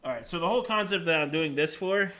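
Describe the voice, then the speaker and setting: A man's voice: on the high side, quick pace, pushed and bright. A young man chatting casually on a live stream, joking and self-deprecating as he talks to his cats and to viewers.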